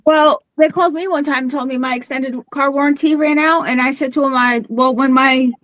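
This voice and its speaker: A woman's voice: high voice, steady tone, a little fast, fairly bright tone, dry recording, low-quality recording. A woman co-hosting a casual live chat, giving short answers and dry jokes. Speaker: co-host.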